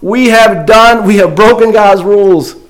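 A man's voice: sits high, unhurried, rough recording. A man preaching a sermon in an earnest way that builds emphasis. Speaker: pastor.

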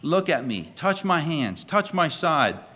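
A patient, risen teacher who speaks firmly and reassuringly, inviting a doubter to look and touch, as a preacher acts him out. His voice stays close to the preacher's own, with a lively rise and fall. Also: a little high, a little slow, pitched above the performer's own voice, exaggerated voice. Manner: firm, reassuring. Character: patient risen teacher, gentle but firm.

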